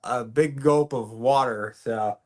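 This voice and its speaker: A man's voice: medium pitch, takes it slowly, crowd noise. A man co-hosting a podcast in casual chat, giggly and rambling with lots of fillers. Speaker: podcast co-host.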